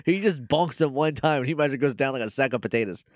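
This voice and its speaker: A man's voice: medium pitch, quick pace, no echo, clean studio sound. A man co-hosting a podcast, casually recapping a show episode with laughs and quoted voices. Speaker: podcast co-host.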